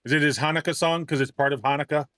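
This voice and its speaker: A man's voice: a little high, fairly even intonation, quick pace, sharp tone, dry recording. Chatty man streaming, dry close sound. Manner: chatty, self-deprecating, stumbles over words. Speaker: game streamer. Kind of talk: casual livestream chat. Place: home streaming setup.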